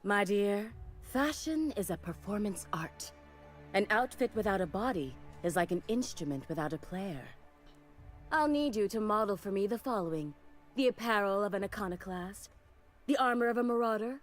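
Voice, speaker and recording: A woman's voice: medium pitch, lively intonation, moderate pace, faint music behind, lightly acted. A woman voicing a flamboyant fashion designer in a video game, theatrical and doting, full of endearments. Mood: grandiose. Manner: grandiose, theatrical, showering people with endearments. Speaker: game character.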